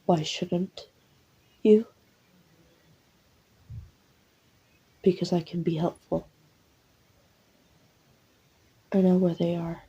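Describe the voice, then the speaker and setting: A stubborn, taunting younger sister who swears freely, as a woman puts her on. Her voice is dark and gravelly, with a husky edge. The audio role-play is recorded with a dull lo-fi sound. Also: lowish voice, steady tone, moderate pace. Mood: pleading. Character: defiant, foul-mouthed younger sister, stubborn and mocking.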